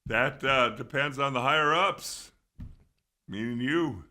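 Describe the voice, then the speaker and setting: Male sports co-host, dry wit, bright forceful voice. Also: mid-range voice, takes it slowly. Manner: dry, wry. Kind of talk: casual sports talk.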